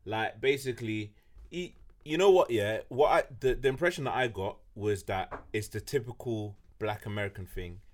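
A man, co-hosting a podcast in relaxed, slangy, teasing chat. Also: lowish voice, normal speed. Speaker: podcast co-host. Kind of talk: casual chat.

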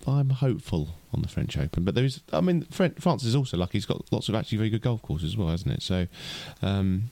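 Chatty man with a low voice. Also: lively intonation, quick pace, vocal fry, dark tone, no echo. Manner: chatty, lots of fillers and restarts. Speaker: podcast co-host. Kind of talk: casual chat.

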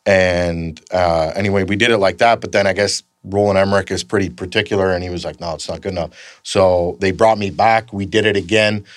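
A Canadian man with a fairly low voice spins loose, rambling stories and swears often. His voice is recorded dry and close, with no room around it. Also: fairly even intonation, brisk, hardly any pauses, dry recording. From northern Canada. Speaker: guest, stuntman. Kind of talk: casual anecdote telling.

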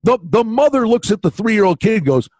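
An older man co-hosting a podcast tells stories in a lively, high-pitched voice, talking a little fast in casual chat. He's an animated storyteller who acts out quotes loudly. The recording is on a remote call mic with no room sound.

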